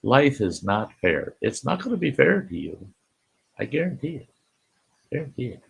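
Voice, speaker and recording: A man's voice: medium pitch, big pitch swings, normal speed, creaky, husky. An older man hosting a casual live stream, folksy, greeting chat viewers by name and often laughing, with an Upper Midwest American accent.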